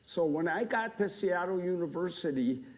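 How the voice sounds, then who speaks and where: An older man giving a humorous gardening talk to a live audience, an animated storyteller who acts out scenes with sound effects. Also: high-pitched, moderate pace. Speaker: gardening speaker. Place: lecture hall before a live audience.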